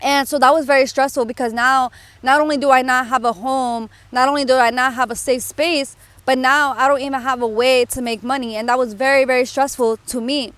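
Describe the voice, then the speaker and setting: A woman's voice: high voice, steady tone, brisk, fairly bright tone, dry recording. A young woman vlogger telling a personal story in a candid, emotional way, full of fillers like "like" and "you know", tearful at times.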